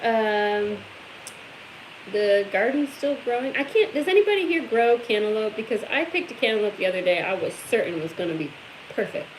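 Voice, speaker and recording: A woman's voice: mid-range voice, expressive, normal speed, slight background noise, low-quality recording. A woman with a Midwestern American accent, co-hosting a farm livestream, chatting and reading viewer comments aloud.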